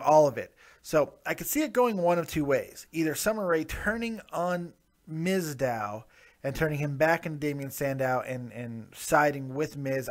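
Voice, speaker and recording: Higher-pitched man chatting casually. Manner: opinionated, chatty, with frequent restarts. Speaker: wrestling show reviewer. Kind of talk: casual solo review commentary.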